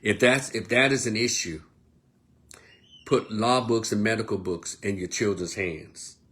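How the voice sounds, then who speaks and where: A man delivering a blunt, profane monologue as an online commentator, swinging between loud outbursts and low, quieter stretches. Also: unhurried. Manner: blunt, profane, animated rant. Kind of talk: casual ranting monologue.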